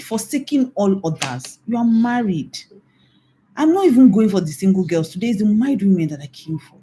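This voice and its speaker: Nigerian woman preacher, middle-aged, emphatic and scolding, lively pitch, faint background noise. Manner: emphatic, scolding, repeats warnings. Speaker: pastor and infidelity recovery coach. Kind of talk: mentoring talk, preaching.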